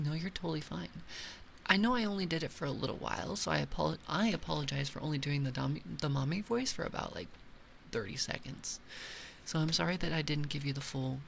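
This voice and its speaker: A young woman streaming and chatting casually as a VTuber, excitable and rambling, often giggling. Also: low-pitched, vocal fry, slight background noise.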